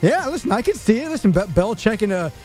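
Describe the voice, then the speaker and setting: A man's voice: high-pitched, very animated, fast, a little mellow, faint music behind. A man co-hosting a sports radio show, setting up topics with wry, teasing remarks. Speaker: radio co-host and producer. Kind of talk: casual sports talk.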